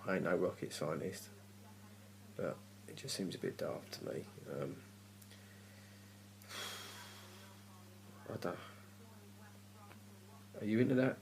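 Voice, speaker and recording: A man rants through a casual TV review in a low, gravelly voice. He sounds grumpy and exasperated and swears freely. A faint hum sits underneath him. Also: sing-song, slow, long pauses, darkish tone. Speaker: TV review vlogger. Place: home at night.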